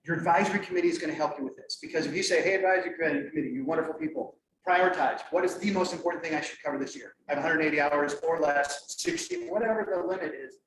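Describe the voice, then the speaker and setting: A middle-aged man presenting at a conference, lively and joking as he quizzes the audience. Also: a little high, racing, few pauses. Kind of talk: interactive workshop talk. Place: conference room. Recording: echoey room, mic far off, faint noise.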